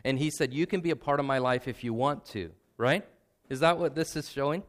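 An earnest man preaching to a congregation, speaking at a middle pitch. He talks conversationally, tossing in quick asides to his listeners, and his voice grows emotional, almost tearful, as he opens up. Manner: conversational, with frequent "right?" asides and repetition. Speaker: pastor. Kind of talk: sermon.

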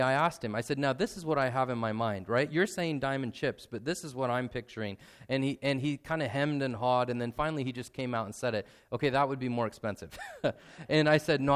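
Smooth-voiced man preaching a story. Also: mid-range voice. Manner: earnest, conversational, with restarts and asides. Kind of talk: storytelling sermon.

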